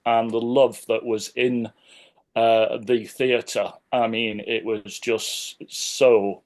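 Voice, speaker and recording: A man's voice: medium pitch, flat delivery, slow pace. A man chatting in bubbly superlatives. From Sheffield, England. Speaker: conference attendee. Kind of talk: casual testimonial.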